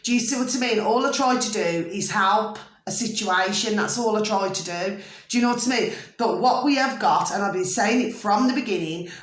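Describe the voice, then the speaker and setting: A woman's voice: medium pitch, brisk. Rambling woman in an echoey room. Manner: rambling, repeatedly asks "do you see what I mean". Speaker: vlogger. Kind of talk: casual monologue to camera.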